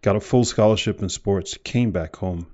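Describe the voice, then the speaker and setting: Guy doing a motivational podcast rant, lowish mellow voice, kinda dull lo-fi sound, lots of questions. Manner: rhetorical questions, drawn-out emphasis. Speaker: podcast host. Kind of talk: motivational monologue.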